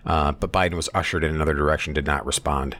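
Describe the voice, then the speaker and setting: A man's voice: extremely low pitch, fairly even intonation, quick pace, fairly bright tone. A man hosting a podcast, chatting casually and loosely, with profanity, and reading out news quotes. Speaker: podcast host. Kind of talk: casual political chat.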